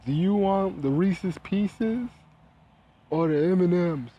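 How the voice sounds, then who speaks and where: A man voicing a slow, mild-mannered young man on an errand, who talks in a hesitant, drawn-out way. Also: high-pitched, lively intonation, lo-fi sound, slight background noise, voice pushed up. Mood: confused, eager.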